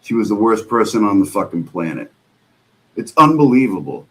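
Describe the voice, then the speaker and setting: Male streamer host, young adult, low voice that swings a lot, sarcastic and profane. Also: sing-song, moderate pace, fairly bright tone. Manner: exasperated, sarcastic, swears a lot. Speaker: streamer host reacting to clips. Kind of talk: profane reaction commentary.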